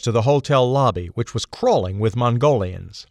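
An older man reading a comic first-person story in a playful, animated storytelling manner. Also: medium pitch, normal speed, no echo, clean studio sound.

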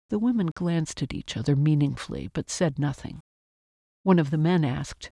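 A measured literary narrator reading a novel aloud. The voice sits at a middling pitch, recorded close and dry with no room sound. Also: mellow, no echo. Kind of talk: scripted audiobook narration.

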